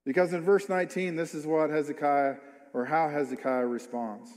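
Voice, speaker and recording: A man's voice: on the high side, fairly even intonation, moderate pace, a little mellow. A man preaching a sermon, reading scripture aloud and then commenting on it with rising emphasis and repeated questions. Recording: long hall reverb.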